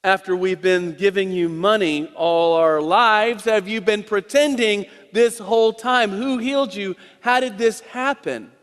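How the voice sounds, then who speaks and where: Sneering, incredulous townsfolk, a preacher putting them on; high voice, echoing hall. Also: male voice, measured pace, hardly any pauses, a bit bright, clear, resonant tone. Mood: suspicious. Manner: mocking, incredulous. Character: sneering suspicious neighbors, adult men, mocking.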